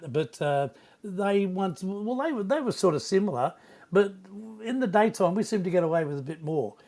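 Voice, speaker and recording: An older Australian man, a veteran radio broadcaster, reminiscing in a rambling, halting way with many restarts. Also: sits high, animated, darkish tone. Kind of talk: casual reminiscing interview.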